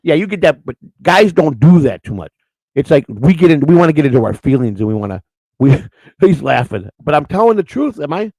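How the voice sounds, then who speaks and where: A man's voice: fairly high pitch, very animated, brisk, a little mellow, dry recording. A man hosting a live-streamed show, talking in a rambling, emotional way, repeating words and getting choked up. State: emotional, near tears. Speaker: show host.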